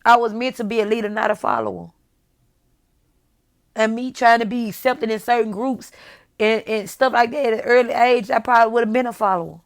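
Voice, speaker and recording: A woman's voice: a little high, fairly even intonation, fairly quick. Candid woman vlogger speaking her mind. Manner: emphatic, repetitive, talks straight to viewers. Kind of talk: candid motivational vlog talk.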